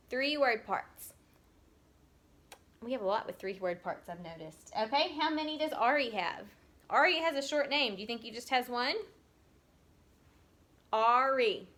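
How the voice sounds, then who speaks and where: A woman teacher giving a recorded lesson to young children, patiently stretching out words so they can be heard clearly. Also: fairly high pitch, a bit bright. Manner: slow, patient, drawn-out sounding of words.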